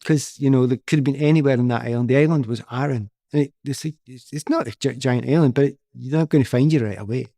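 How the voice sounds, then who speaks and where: Animated Scottish man telling stories. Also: mid-range voice, fast, few pauses, dry recording, clean studio sound. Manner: animated, self-deprecating, with frequent restarts. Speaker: guest, former footballer. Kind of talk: casual storytelling.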